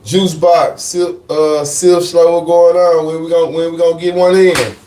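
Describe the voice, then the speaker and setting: A man with a somewhat high voice tells a casual storytime on a live stream, animated and profane, repeating his lines for emphasis. He sits back from the mic in a roomy space that echoes. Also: unhurried, recorded from a distance.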